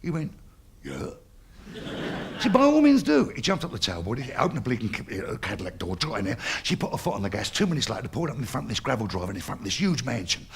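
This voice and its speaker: Gravelly man telling crude jokes on stage. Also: lowish voice, big pitch swings, racing, hardly any pauses, fairly bright tone, a little hiss or hum. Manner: crude, swearing, playing every character in the joke. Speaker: comedian. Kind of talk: stand-up joke telling. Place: live comedy stage before an audience.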